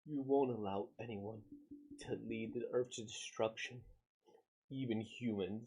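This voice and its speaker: A man's voice: medium pitch, a little slow, breathy edge. A man reading as a regretful male scientist. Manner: quiet, solemn, regretful. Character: remorseful middle-aged male scientist.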